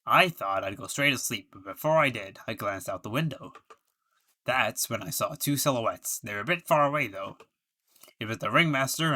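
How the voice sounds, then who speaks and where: A man's voice: medium pitch, bright, forceful tone. A man voicing a sad clown in a game. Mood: recounting. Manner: self-pitying, laughs at own jokes. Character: washed-up sad male clown witness.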